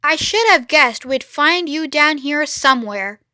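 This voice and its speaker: A woman's voice: sits high, measured pace, no echo, studio quality, exaggerated voice. A woman voicing a clever, confident male fox who leads the others in a storybook. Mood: assured. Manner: calm and assured, softly menacing at times.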